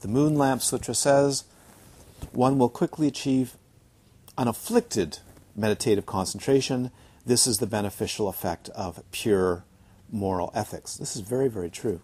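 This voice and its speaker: Guy giving a dharma talk at a retreat, mid pitch, keeps asking "right?", chatty storyteller. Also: normal speed, dark tone, breathy edge. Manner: conversational, checks in with listeners, tells funny anecdotes. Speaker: Buddhist teacher. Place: retreat centre.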